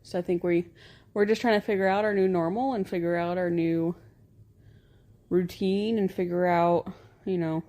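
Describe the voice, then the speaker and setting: A woman, co-hosting a relaxed couple's podcast. Her voice sits a little low for a woman. She talks candidly and laughs often. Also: moderate pace, pauses often. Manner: candid, laughs easily, soft-spoken. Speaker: podcast co-host. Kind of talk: casual couple's podcast chat.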